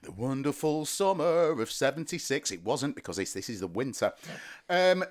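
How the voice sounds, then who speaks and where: Lively, giggly man hosting a podcast. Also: mid-range voice, moderate pace. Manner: playful, giggly, reads out facts. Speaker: podcast host. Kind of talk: casual comedy chat.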